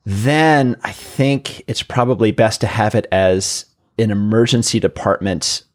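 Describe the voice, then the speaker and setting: Animated man telling self-deprecating stories. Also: on the low side, unhurried. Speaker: podcast host and emergency physician. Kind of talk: casual chat, anecdotal storytelling.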